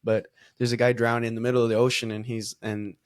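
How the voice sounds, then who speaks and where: Flat-voiced man, halting podcast talk. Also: mid-range voice, clean tone, dry recording, studio quality. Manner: halting, many restarts, tells parables. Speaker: podcast co-host. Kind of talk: casual heartfelt conversation.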